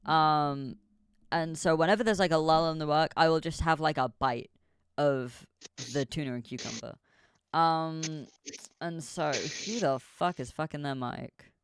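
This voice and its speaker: Rambling young adult streamer, smooth voice. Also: medium pitch, a little slow, no echo. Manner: rambling storytelling full of fillers and swearing. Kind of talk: casual chat.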